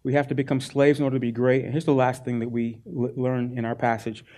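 A male pastor preaching a sermon, earnest and animated as he retells a Bible story. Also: medium pitch, fast.

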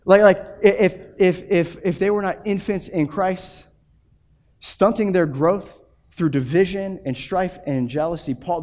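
Animated young man preaching. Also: fairly high pitch. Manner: animated storytelling with many restarts. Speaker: pastor. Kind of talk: sermon.

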